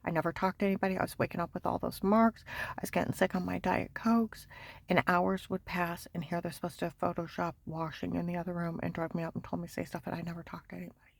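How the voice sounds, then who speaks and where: A woman telling a long personal story in a rambling monologue, agitated and insistent, repeating herself and sometimes dropping to a hushed near-whisper. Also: fairly low pitch, flat delivery, quick pace, vocal fry. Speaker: vlogger.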